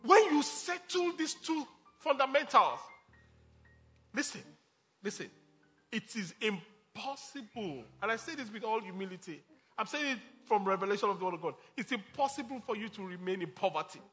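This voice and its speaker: A man's voice: sits high, animated, moderate pace, fairly bright tone, soft background music. A man preaching a sermon as pastor, emphatic, calling out to the congregation and mixing in jokes.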